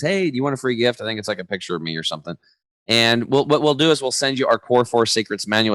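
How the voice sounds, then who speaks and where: Here a man's lowish voice comes through a dry recording. He's a forties-aged health coach guesting on a podcast, casually chatting in an interview, telling energetic, slangy stories and acting out the quotes.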